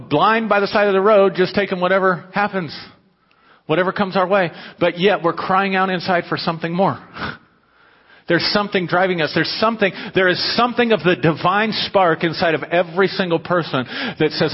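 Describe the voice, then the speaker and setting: A man's voice: sits high, fairly quick. A man preaching a sermon to his congregation in a conversational manner, breaking into emphatic, raised bursts. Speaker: pastor. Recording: dull muffled audio with long hall reverb.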